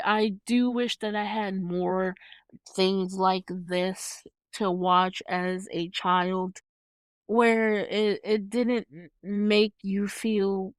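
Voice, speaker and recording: Animated woman recapping a movie. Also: fairly low pitch, clear, resonant tone, no room sound. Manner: animated retelling, acts out scenes, laughs often; swears freely. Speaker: host reviewing a movie. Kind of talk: casual solo commentary.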